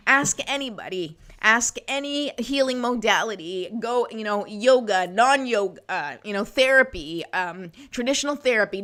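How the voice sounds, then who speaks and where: A woman's voice: medium pitch, animated, normal speed. A middle-aged woman hosting a live wellness show, talking in a casual, encouraging way and often checking in with listeners. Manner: warm, encouraging, conversational with frequent "right?" and "okay?". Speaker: host of a wellness livestream. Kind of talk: casual motivational talk to live viewers.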